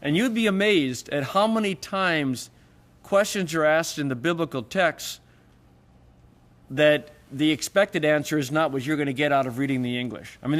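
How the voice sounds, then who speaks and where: A man teaching Greek grammar in a lecture, explaining patiently and voicing the example questions he quotes. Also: a bit bright. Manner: explanatory, acts out quoted questions with raised pitch. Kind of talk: recorded classroom lecture.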